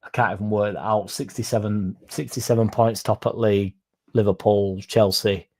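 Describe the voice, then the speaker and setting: A man's voice: lowish voice, steady tone, normal speed, mellow. A young man hosting a fan stream, rambling casually, swearing now and then and reading out viewer comments. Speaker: fan channel host reading chat. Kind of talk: casual live-stream chat.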